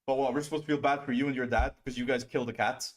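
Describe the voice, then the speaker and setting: A male streamer in the middle of an angry commentary rant. He curses constantly and sounds openly contemptuous. His voice is ordinary in pitch, but it keeps shooting up high when he mimics the people he mocks. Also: level tone, very fast. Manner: profane, scornful, mocking whiny impressions. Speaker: streamer host.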